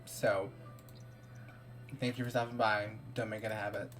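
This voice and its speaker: A man voicing Ken, a smooth cheating boyfriend. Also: lowish voice, flat delivery, moderate pace, fairly bright tone, faint music behind, close to an everyday voice. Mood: smooth, dismissive. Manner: coaxing, scheming. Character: smooth-talking cheating male game character.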